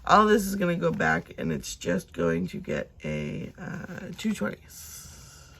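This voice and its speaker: A young woman chatting casually as she counts and sorts cash, talking to herself now and then and dropping into soft whispers. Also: fairly low pitch, wildly swooping pitch, takes it slowly, gravelly, a little hiss or hum. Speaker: budgeting vlogger.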